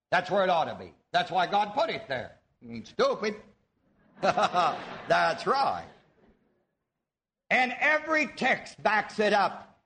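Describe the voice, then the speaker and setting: In a church before a live audience, a man preaches a teaching sermon, posing questions to the listeners and stretching out the words he wants to emphasize. His voice is high and bright with a forceful tone.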